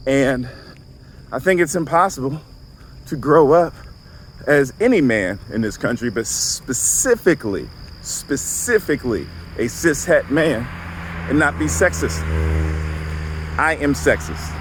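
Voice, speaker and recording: A man's voice: medium pitch, big pitch swings, unhurried, pauses often, a little hiss or hum. A man in his forties from the Southern US with a Southern accent, a counselor talking in an earnest, conversational way with frequent check-ins. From Southern United States. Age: 40s. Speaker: counselor and vlogger. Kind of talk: reflective monologue. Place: outdoors, walking.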